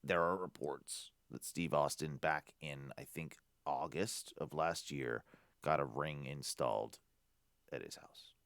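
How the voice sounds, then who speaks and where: A man co-hosting a casual podcast, giving emphatic, opinionated takes and thinking out loud. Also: very deep voice, measured pace, vocal fry, clean tone, no room sound, studio quality. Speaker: podcast co-host. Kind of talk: casual chat.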